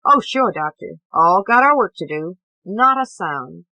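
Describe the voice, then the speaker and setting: A woman's voice: on the low side, expressive, a little slow, bright, forceful tone, no room sound, heavily acted, rough recording. A woman reading a bluff, boastful middle-aged man who talks in clipped, old-fashioned slang. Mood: hearty.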